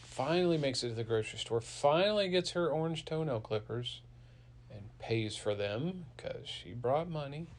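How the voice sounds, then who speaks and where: A man's voice: mid-range voice, animated, moderate pace, a little hiss or hum. A man improvising a playful story for a child, with sound effects and an easy, chatty delivery. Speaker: parent telling a bedtime story.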